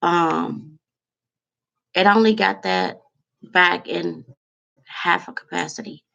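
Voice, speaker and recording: A woman talking straight to camera in an emotional, halting vlog, close to tears. Her voice carries a heavy gravelly fry. She pauses often and fills gaps with ums as she searches for words. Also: fairly low pitch, fairly even intonation, a bit bright, highs cut off. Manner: emotional, heartfelt, halting with many fillers. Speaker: vlogger. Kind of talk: candid to-camera monologue.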